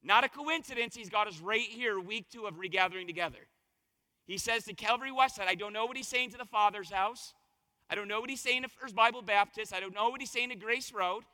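A man preaching a conversational sermon as pastor, his voice a little hoarse, telling stories and asking the congregation questions. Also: sits high, fairly quick, bright, forceful tone, long reverb tail. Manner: conversational, storytelling with rhetorical questions. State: slightly hoarse voice.

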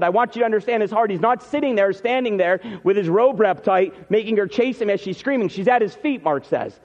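A man preaching a sermon, retelling the scene and acting out what the people say. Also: sits high. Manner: storytelling, acts out scenes. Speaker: pastor. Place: church sanctuary. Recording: muffled hall reverb.

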